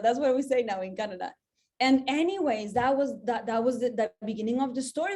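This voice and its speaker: A woman's voice: high voice, expressive, fairly quick, darkish tone. A woman in her forties, a sales manager, telling her own story in an earnest, emotional motivational talk, saying "like" a lot. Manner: emotional, earnest, says "like" often.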